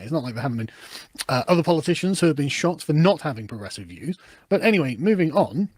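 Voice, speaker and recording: A man commenting on news clips in a sarcastic, swearing, animated rant. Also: high-pitched, no room sound, studio quality. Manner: fast, animated, sarcastic, swears and laughs often. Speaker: political commentator.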